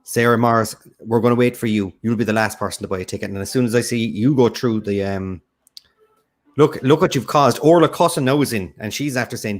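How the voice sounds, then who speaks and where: A man with a Cork Irish accent runs a casual online quiz, reeling off viewer shout-outs in a quick, jokey patter. His voice sits at an ordinary middle pitch. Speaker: quiz host. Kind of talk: casual livestream chat.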